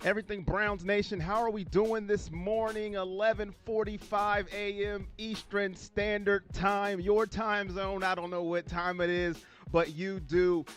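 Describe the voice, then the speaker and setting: A man's voice: high-pitched, flat delivery, measured pace, hardly any pauses, fairly bright tone, faint music behind. A man hosting a livestream sports fan show, chatting and reading viewer comments aloud, telling the story dramatically.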